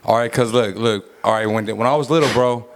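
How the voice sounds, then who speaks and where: A man's voice: mid-range voice, a little fast. Laid-back man with a reverberant echo. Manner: laid-back, profane, chiming in. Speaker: podcast co-host. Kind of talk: casual storytelling with his brother.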